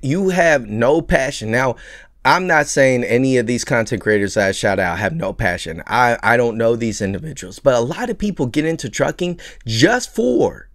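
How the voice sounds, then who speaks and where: A man's voice: mid-range voice, no echo, studio quality. A man with a New York accent, a truck driver vlogging casually to camera, stammering and restarting as he rants. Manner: animated, stammering restarts, mocking put-on voices. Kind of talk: casual vlog rant. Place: truck cab.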